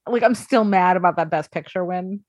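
A woman's voice: lowish voice, a little fast, a little mellow, dry recording, muffled recording. A woman from Long Island co-hosting a podcast, trading wry, teasing remarks in casual chat. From Long Island, New York. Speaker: podcast co-host. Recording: dry.

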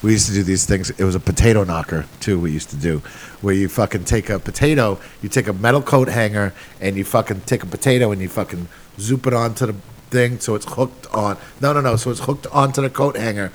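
A man in casual chat, swearing a lot as he tells animated stories. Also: lowish voice, brisk, a little hiss or hum. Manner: swears constantly, animated storytelling.

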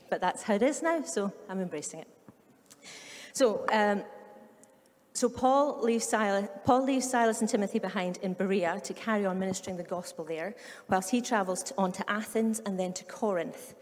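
A woman's voice: mid-range voice, darkish tone. Middle-aged Scottish woman, pastor, chatty sermon, funny asides, long hall reverb. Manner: chatty storyteller with humorous asides. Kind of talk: conversational sermon. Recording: long reverb of a large room.

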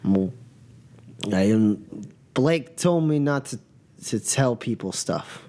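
A man's voice: medium pitch, expressive, slow, warm tone. A man voicing a drunk, belligerent male serial killer who taunts and slurs. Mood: drunk evasive.

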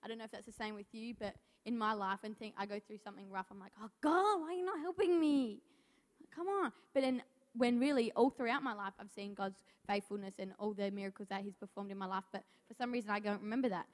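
A woman's voice: mid-range voice, steady tone, fast, hardly any pauses. Young woman, nervous first-time preacher stumbling through scripture; reverberant hall. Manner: nervous, stumbling reading with restarts. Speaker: youth speaker. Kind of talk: church message. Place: church hall.

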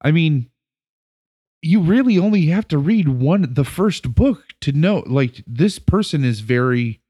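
Slow, rambling male podcast host. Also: on the high side, lively intonation, mellow, breathy edge. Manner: rambling, with many fillers and restarts. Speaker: educator. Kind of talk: casual storytelling chat.

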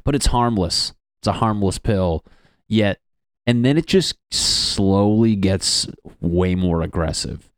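A man's voice: on the low side, slow pace, no room sound, clean studio sound. A man doing a casual, crude comedic monologue as a podcast host, rambling and laughing at his own jokes.

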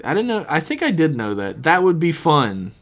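A man co-hosting a casual podcast, introducing listener emails and tossing in quick jokes and asides. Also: a little high, very animated, fairly bright tone. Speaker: podcast co-host. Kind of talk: casual chat.

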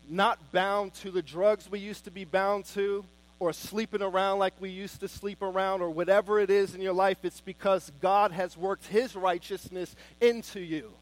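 A man preaching a sermon with fervent emphasis, swinging between loud declarations and soft, hushed pleas. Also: high-pitched.

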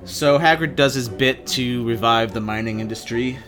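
A male podcast host recaps the chapters with dry, profane humor and quick asides. His voice sits at an average pitch, with faint music underneath.

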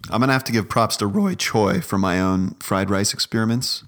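A man's voice: on the low side, brisk, fairly bright tone. A man co-hosting a podcast in casual chat, trading dry wisecracks. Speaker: podcast co-host.

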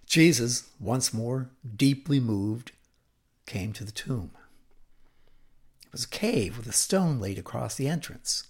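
A man preaching from the pulpit, unhurried and measured in his pace. He retells the scripture story dramatically, swelling and then dropping to a hush for effect. His voice sits at an ordinary middle pitch. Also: animated, slightly rough. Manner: dramatic, deliberate storytelling with acted quotes and sudden hushed drops.

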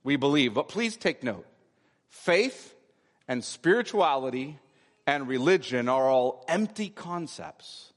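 A man's voice: medium pitch, lively intonation, slow pace. A man preaching a sermon, explaining scripture with emphatic repetition. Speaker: pastor. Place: church sanctuary. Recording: long hall reverb.

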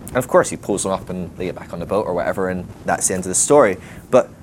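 A man giving a sermon in a loose, conversational way, animated and thinking aloud with fillers and quick laughs. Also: low-pitched, a little hiss or hum. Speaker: preacher. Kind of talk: sermon teaching.

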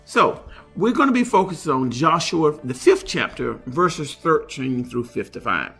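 A man with a fairly high, gravelly voice teaches a Bible study. He reads scripture aloud and then explains it in an unhurried, plain way. Faint music plays behind him. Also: big pitch swings, bright, forceful tone. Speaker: pastor.

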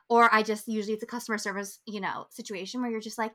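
A woman's voice: mid-range voice, quick pace, few pauses, sharp tone. A young woman co-hosting a podcast who chats casually and gushes with exuberant, profane enthusiasm. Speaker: podcast co-host. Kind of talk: casual chat.

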